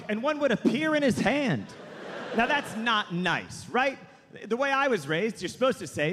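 Guy in his 30s doing standup, high voice that bounces all over, roomy hall echo w faint crowd noise. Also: normal speed. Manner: animated, self-deprecating storytelling. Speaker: stand-up comedian. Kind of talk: stand-up comedy. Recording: live stage recording with hall reverb and faint ambience.

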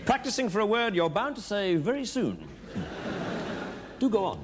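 A man's voice: high voice, big pitch swings, moderate pace. An actor playing a mischievous male interviewer who answers with mock-polite innocence in a comedy sketch. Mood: mock-innocent. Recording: noisy archive broadcast recording.

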